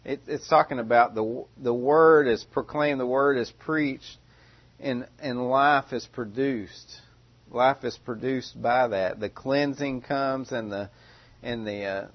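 A man's voice: medium pitch, dull audio. A man preaching a sermon in a conversational, questioning way, often restarting his phrases.

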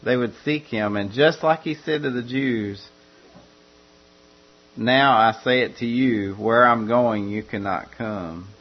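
A man preaching a verse-by-verse sermon in a measured, repetitive way, often restarting his phrases. His voice sits at an ordinary middle pitch. The recording is dull and lo-fi, with a low mains hum running underneath. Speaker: pastor. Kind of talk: expository sermon.

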